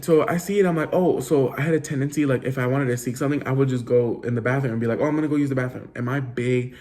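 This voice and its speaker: A young man casually telling a story to his little brother, rambling with lots of fillers, swearing and Spanish words. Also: mid-range voice.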